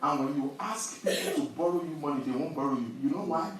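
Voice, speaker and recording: A man preaching an animated sermon, telling personal stories and building to loud scripture readings. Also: a little high, fast. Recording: echoey hall, distant mic.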